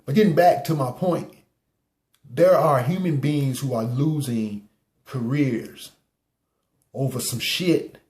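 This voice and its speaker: A man delivers a blunt, profanity-laced rant full of rhetorical questions. His voice sits at a mid pitch with a dark, mellow tone. The recording has the hollow echo of a bare room. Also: slow pace, long pauses. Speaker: vlogger ranting to camera. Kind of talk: heated opinion rant.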